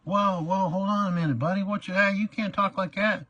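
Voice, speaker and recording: A man's voice: high-pitched, steady tone, brisk, sharp tone, no room sound, dull audio, voice pushed up. A man voicing a folksy, condescending male small-town judge who calls people son. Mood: alarmed.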